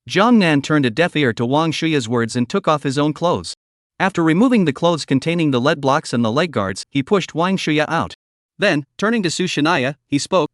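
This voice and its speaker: A man narrates a comic story recap, reading the script in an even way. His voice sits a little high, and the sound is dry and close with no room around it. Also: normal speed, no echo.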